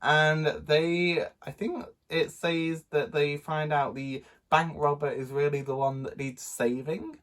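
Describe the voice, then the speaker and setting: A man's voice: on the high side, steady tone, slow, few pauses, fairly bright tone. A man with a nasal, stuffy voice from a cold, chatting casually about books he bought, rambling with lots of ums and little laughs. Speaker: book vlogger. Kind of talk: casual book haul vlog.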